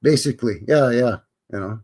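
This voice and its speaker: A man's voice: mid-range voice, moderate pace, darkish tone. A Canadian man hosting a livestream, chatting casually in a rambling, jokey way. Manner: rambling and jokey, tags lines with "eh, buddy". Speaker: livestream host.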